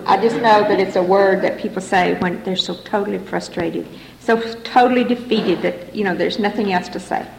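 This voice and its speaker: At a recovery meeting in a hall, a middle-aged woman tells her personal story earnestly, going over the same points again and again. She has a gravelly mid-range voice, keeps a steady tone, and speaks at a moderate pace. The recording picks up room echo and faint background noise.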